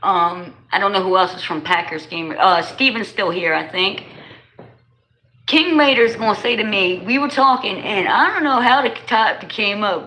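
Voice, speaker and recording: Bright-voiced woman streamer. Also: mid-range voice, a little hiss or hum, poor audio. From New Jersey. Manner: animated, slangy, talks straight to chat. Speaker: livestreamer. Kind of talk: casual livestream chat with viewers.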